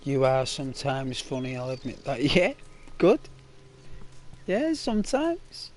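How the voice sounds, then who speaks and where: A man's voice: mid-range voice, normal speed, slight background noise. Rambling Liverpool man streaming a game. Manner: rambling, chatty, keeps tagging on "right?" and "you know". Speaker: YouTuber. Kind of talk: casual gaming livestream chat.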